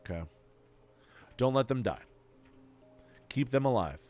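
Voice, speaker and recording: This man's medium-pitched voice is slightly mellow, with lively intonation and an unhurried pace. Streaming to his chat, he offers earnest, emotional advice, cursing freely and saying things more than once, with faint background music.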